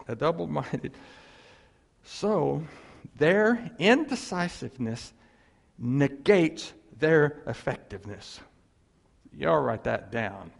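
A man's voice: medium pitch, gravelly, in a large hall. A man preaching a sermon, acting out quotes and asking the congregation to answer him. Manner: animated, acts out quotes, asks the congregation for replies. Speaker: pastor.

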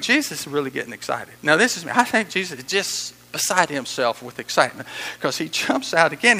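A male pastor preaching a sermon in a church, emphatic and animated, sometimes breaking into excited shouts. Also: high voice, vocal fry, big-room sound, rough recording.

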